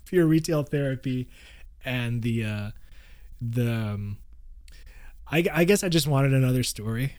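A man co-hosting a podcast in an easygoing chat. He stays relaxed, laughs often, and restarts his sentences as he goes. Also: medium pitch, measured pace, pauses often, clean tone. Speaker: podcast co-host. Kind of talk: casual chat.

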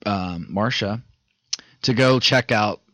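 Low-voiced man rambling through a movie recap. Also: slow pace, sharp tone, no room sound. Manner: rambling, swearing, quoting characters in retellings. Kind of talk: casual movie recap chat. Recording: dull, dry lo-fi recording.

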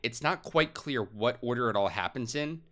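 A man co-hosting a podcast, reading narration in an even, measured way. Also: medium pitch. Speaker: podcast co-host.

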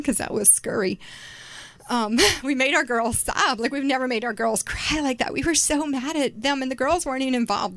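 A woman's voice: on the high side, dry recording. Chatty woman preaching a homey sermon. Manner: chatty, conversational, many "like"s and fillers. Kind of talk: sermon with personal story.

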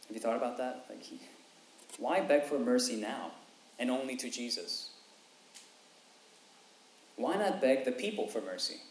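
A man, a father with young kids, preaching a sermon in an animated way, repeating phrases for emphasis and acting out quotes. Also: mid-range voice, normal speed, pauses often. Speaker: pastor. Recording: echoey room, faint ambience.

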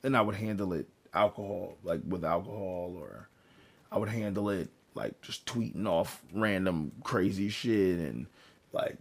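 Hoarse man talking openly on a podcast. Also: lowish voice. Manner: open and reflective, swears freely, repeats words for emphasis. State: hoarse, voice worn out from laughing. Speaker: podcast co-host. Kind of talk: candid casual podcast chat.

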